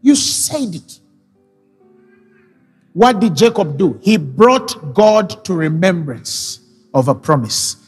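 A man's voice: sits high, big pitch swings, slow pace, pauses often, husky. A male pastor preaching a sermon, retelling scripture and driving his points home with rising, emphatic questions. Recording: reverberant hall with faint music.

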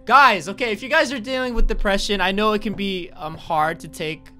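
Bright-voiced young man, halting and earnest. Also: high-pitched, soft background music. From North Carolina, USA. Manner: halting, earnest, stammering restarts. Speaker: gaming YouTuber. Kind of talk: let's-play commentary.

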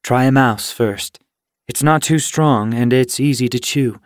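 A man's voice: medium pitch, measured pace, dry recording, studio quality, lightly acted. A man voicing a small, friendly female cat in an audiobook, cheerful and encouraging. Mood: warm. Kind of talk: audiobook character voice.

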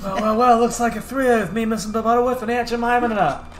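A man doing a mumbled impression of a gruff male action-movie hero, slurring the words together. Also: very high voice, steady tone, brisk, roomy sound, a little hiss or hum. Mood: smug.

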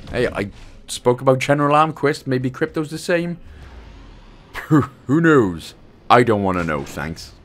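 A man's voice: mid-range voice, lively intonation, measured pace. A Welsh man casually commentating over gameplay, chatty and joking as he gives tips. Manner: joking, chatty, self-mocking. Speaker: gaming channel host.

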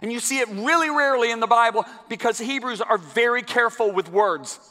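High-voiced emphatic male preacher in a big hall. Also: a little fast. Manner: emphatic, builds to loud climaxes, talks to the congregation. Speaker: guest preacher. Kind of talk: sermon. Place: large church sanctuary. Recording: long church hall reverb.

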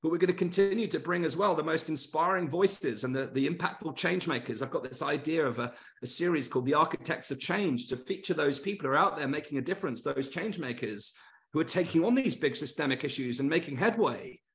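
A man's voice: a little high, animated, fairly quick, fairly bright tone. Earnest man hosting a motivational webinar. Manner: earnest, repetitive emphatic lists. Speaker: webinar host.

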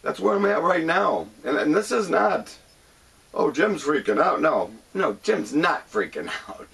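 A man hosting his own show, talking about his experience in an earnest, halting monologue, often repeating himself. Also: on the high side, big pitch swings, gravelly, fairly bright tone, slightly rough, recorded from a distance. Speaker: show host. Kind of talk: personal monologue to camera.

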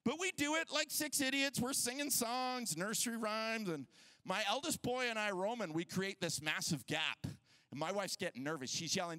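Male pastor, 30s, animated sermon storyteller, bright tone, dry close sound. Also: high-pitched, normal speed, no room sound. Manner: animated, acts out quoted voices.

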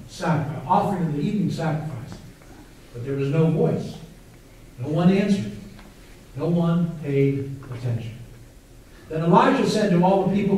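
High-voiced pastor in an echoing church. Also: male voice, warm tone, a little hiss or hum. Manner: dramatic reading, slowing and rising on quoted lines. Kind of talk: sermon reading scripture aloud. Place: church sanctuary. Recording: very echoey church from a distant mic.

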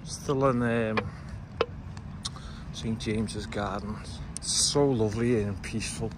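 A man's voice: lowish voice, steady tone, slow. A man with a Liverpool accent giving a chatty, blunt walking tour commentary outdoors as a vlogger. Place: outdoors on city streets. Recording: street traffic noise behind.

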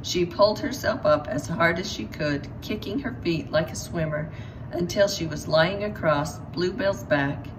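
A woman reading a passage from a novel aloud and commenting on it in a plain, unhurried way. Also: fairly low pitch. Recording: distant mic with loud room noise.

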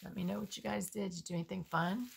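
A woman's voice: medium pitch, steady tone, creaky, slight background noise. A woman, chatting casually as she unboxes homemade soap and muses aloud. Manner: slow, chatty, musing aloud.

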